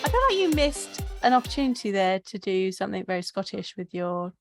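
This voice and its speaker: A woman's voice: medium pitch, animated, brisk, music in the background. A woman from Kent with a southern English accent, co-hosting a podcast and telling stories with frequent laughs. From Kent, England. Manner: laughs often, chatty storyteller. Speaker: podcast co-host. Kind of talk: casual chat.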